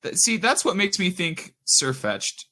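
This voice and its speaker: A man's voice: high-pitched, very animated, measured pace, sharp tone. A man on a casual podcast, thinking aloud with lots of fillers while he works out quiz answers. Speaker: podcast host.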